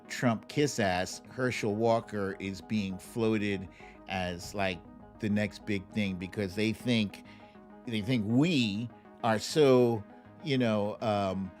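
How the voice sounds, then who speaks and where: Slow-talking man hosting a livestream. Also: fairly low pitch, darkish tone. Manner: laughs often, drawls slowly when mocking. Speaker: livestream host. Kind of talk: casual political commentary.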